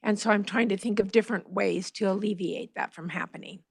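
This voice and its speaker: A woman school board member making hesitant, measured remarks at a board meeting. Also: mid-range voice, fairly even intonation, gravelly, husky, dry recording.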